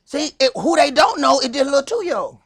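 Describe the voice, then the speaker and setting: A man with a Southern US accent teaching a Sabbath Bible class in a loud, animated sermon style, acting out little skits. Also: extremely high pitch, a little fast. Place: congregation hall.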